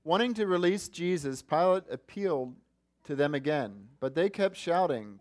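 A man's voice: a little high, animated, moderate pace. A man preaching a sermon, earnest and asking his listeners questions. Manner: earnest, asks the congregation questions. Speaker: pastor.

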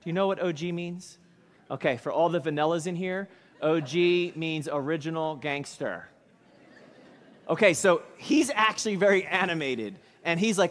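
A male pastor preaching in church, spinning a dramatic story with emphatic punches. His voice runs high for a man, and a long reverb from the hall trails each phrase. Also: moderate pace, a bit bright. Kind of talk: sermon.

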